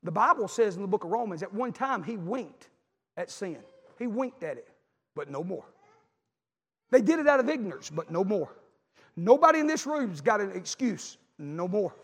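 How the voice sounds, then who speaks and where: A middle-aged man, preaching a sermon as a pastor, telling folksy stories with animated emphasis. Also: high-pitched, moderate pace, husky. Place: church sanctuary. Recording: long church reverb.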